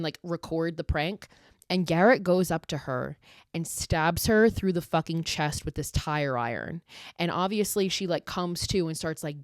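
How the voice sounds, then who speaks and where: Woman, young adult, podcast host, casual profane film recap, animated delivery, low pitch, dry recording. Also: dry recording. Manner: animated, profane, acts out characters' lines.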